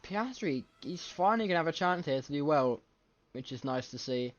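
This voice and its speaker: A man giving live race commentary from home late at night, excitable and often correcting himself mid-sentence, with a scratchy throat. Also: fairly high pitch, moderate pace. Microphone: desk microphone. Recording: slightly muffled lo-fi mic.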